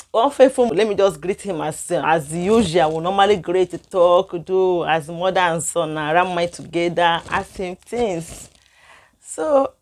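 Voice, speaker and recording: A young woman vlogger telling a personal story to her viewers in non-standard English, emotional and animated. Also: mid-range voice. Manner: animated, emotional retelling with frequent laughs and sighs.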